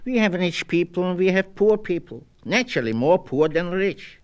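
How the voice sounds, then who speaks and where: A guarded, matter-of-fact neighborhood man met on a subway, as a man reading a story puts him on. He answers warily, turning every question back on the asker, in a slightly high voice with lively rises and falls. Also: moderate pace, smooth. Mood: wary.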